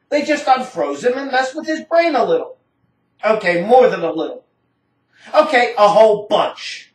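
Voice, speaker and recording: A woman's voice: medium pitch, very animated, normal speed. A woman giving a dramatic first-person story reading in a rambling, casual, slangy manner. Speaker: narrator. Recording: roomy, distant from the mic.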